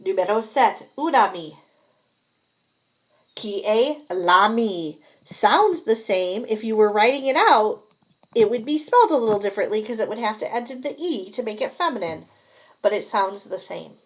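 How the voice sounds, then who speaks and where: A woman teaching a beginner French lesson, slowly modeling each phrase for students to repeat. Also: on the high side, animated. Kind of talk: classroom language lesson.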